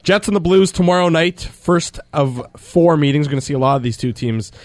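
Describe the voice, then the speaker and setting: A man's voice: a little high, fairly quick, no echo. A man hosting a sports radio show, talking in a casual, easygoing, chatty way.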